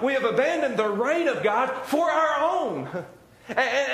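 High-voiced preacher in an echoey room. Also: male voice, fairly bright tone. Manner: earnest, repetitive preaching with rhetorical questions. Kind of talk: sermon.

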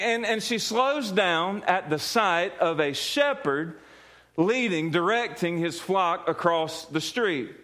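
A man preaching, his voice sitting a little high for a man. He talks in a folksy way, repeating himself and restarting phrases before building to earnest points. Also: a bit bright. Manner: folksy, repetitive restarts, tells a joke then turns earnest. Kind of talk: sermon.

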